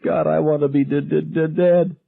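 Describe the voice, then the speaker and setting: A man's voice: steady tone, moderate pace, phone-quality sound, close to an everyday voice. Hysterical sobbing schoolgirl, as a man puts her on. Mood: screaming. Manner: high, sobbing, stammering. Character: hysterical weeping teenage girl, frightened. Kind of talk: audiobook character voice.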